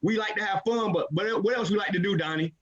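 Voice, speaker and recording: A man hosting a live video call, energetic and repetitive, hyping up the people on the line with call-and-response. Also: high voice, quick pace, highs cut off, over a noisy crowd. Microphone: computer mic on a video call.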